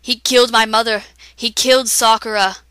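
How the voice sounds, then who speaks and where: Storybook drinker, young man, brooding and ashamed, bright close voice, read by a woman. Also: on the high side, steady tone, moderate pace, clean tone, dry recording, natural voice. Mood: anguished.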